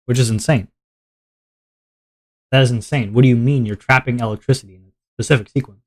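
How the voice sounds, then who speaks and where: A man's voice: medium pitch, fairly even intonation, a little fast, a little mellow. A male streamer chatting casually to his viewers while drawing, rambling and poking fun at himself with frequent laughs. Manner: rambling and self-mocking, laughs often.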